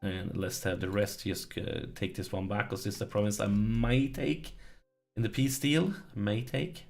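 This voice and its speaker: A man's voice: on the low side, fairly even intonation, unhurried, creaky, darkish tone, soft background music. A man commenting on his strategy game as he plays, pleading with it and groaning when it goes wrong. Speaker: let's play host.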